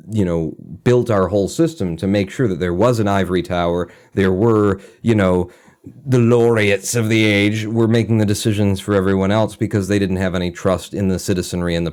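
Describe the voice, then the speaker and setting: Man, low voice, casual podcast chat, animated storyteller. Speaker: podcast co-host.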